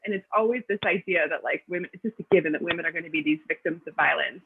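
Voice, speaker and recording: A woman's voice: on the low side, rapid-fire, hardly any pauses, breathy edge. Woman on a tinny video-call line. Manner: chatty, frequent ums and restarts. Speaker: guest author. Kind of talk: casual storytelling answers.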